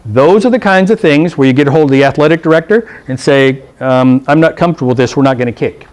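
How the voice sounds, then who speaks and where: In a meeting room, a middle-aged man runs a rules lecture for football officials, his voice fairly high, quick, and a little mellow. Blunt and full of jokes, he checks in with "okay?" and plays the coaches from his stories in comic voices.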